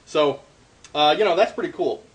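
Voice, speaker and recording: A darbuka teacher with a fairly high voice and moderate pace gives casual instruction on hand-drum rolls. He goes step by step, sprinkling in ums and uhs, with drum playing between phrases.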